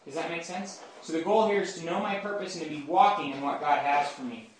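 A somewhat high-voiced man teaching scripture in an informal, chatty way, often checking whether his listeners follow. He sounds far from the mic in a very echoey room with a faint background hum. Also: brisk. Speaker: speaker at a campus Bible group. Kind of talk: conversational Bible teaching.

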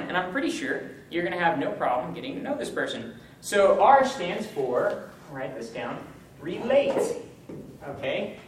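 A young man gives a lively, joking teaching talk to a college group. His voice sits a little high and comes from some distance off the mic. The room is echoey with a faint background hum. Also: moderate pace. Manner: upbeat, joking, animated. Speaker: campus ministry speaker.

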